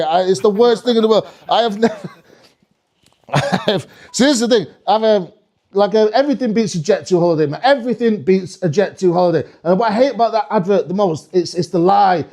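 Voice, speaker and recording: High-pitched guy doing stand-up, rambly and sweary, calling out to people in the room. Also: fairly quick, vocal fry, dark tone. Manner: rambling, swearing, crowd-addressing. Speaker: stand-up comedian. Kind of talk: live stand-up routine. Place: comedy club stage.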